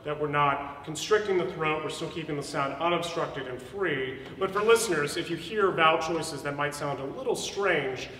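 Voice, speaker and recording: A man's voice: on the high side, moderate pace, hardly any pauses, sharp tone, slight background noise. A male voice teacher coaching a student, talking in an encouraging, explanatory way with many fillers. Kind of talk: voice lesson coaching. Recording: echoey room, mic far off, with piano.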